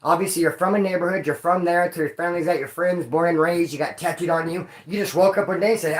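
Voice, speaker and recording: A man from Bakersfield, California telling rowdy stories in casual street slang to his viewers, cursing and sometimes yelling. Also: on the high side, fast talker, hardly any pauses. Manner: profane, animated street slang, bursts of yelling. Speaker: vlogger. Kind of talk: casual storytelling to a live chat. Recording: echoey room.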